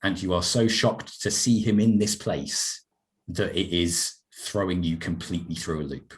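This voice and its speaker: Guy running a tabletop game, lowish voice, slow descriptive storytelling. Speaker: game master. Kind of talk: narrating a tabletop role-play game.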